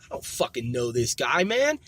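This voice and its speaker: A man hosting a podcast from his car, freestyling rhymes and rambling, loud and profane. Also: medium pitch, wildly swooping pitch, moderate pace, slightly rough, dry recording. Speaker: podcast host and rapper. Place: in a car, driving.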